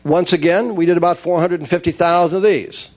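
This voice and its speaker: High-voiced man telling wry stories. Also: fairly quick. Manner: wry, lively storyteller acting out dialogue. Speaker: speaker recounting his toy industry career. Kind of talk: anecdotal storytelling talk.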